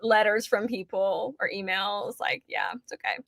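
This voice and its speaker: A woman's voice: medium pitch, fairly even intonation, moderate pace, gravelly, background noise. A woman author chatting as an interview guest, talking at length and laughing through her stories. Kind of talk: casual interview chat.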